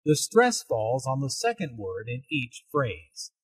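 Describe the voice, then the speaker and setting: A man narrating a scripted English lesson, explaining language points slowly and deliberately. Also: mid-range voice, big pitch swings, slightly rough, no room sound. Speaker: English teacher.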